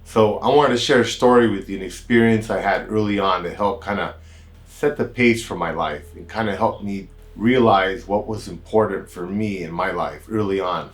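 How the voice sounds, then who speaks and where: A man's voice: deep voice, moderate pace. An American man, a doctor, telling a personal story in a casual, rambling way with plenty of asides. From United States. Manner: relaxed, rambling, with many "kinda" and "you know" asides. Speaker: doctor hosting a health channel.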